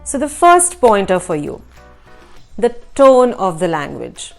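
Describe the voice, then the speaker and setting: A woman hosting a language lesson, explaining translation choices in a measured, explanatory way. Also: medium pitch, huge pitch swings, vocal fry, faint music behind. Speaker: language teacher and host.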